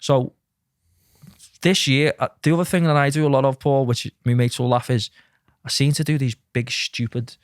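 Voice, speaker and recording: A man's voice: mid-range voice, moderate pace, dry recording. A middle-aged man tells stories on a podcast, calling the host "mate" and acting out what others said. His voice sits in a middle range, and the sound is dry and close with no room around it. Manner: lively anecdotes, acts out quotes, says mate a lot. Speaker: podcast guest, mindset coach. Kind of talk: casual storytelling chat.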